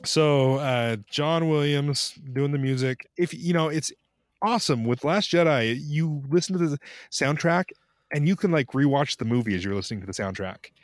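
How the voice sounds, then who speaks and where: A man's voice: a little high, normal speed, dry recording, clean studio sound. A man in his thirties co-hosting a podcast in casual chat, rambling and chuckling with lots of fillers. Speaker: podcast co-host.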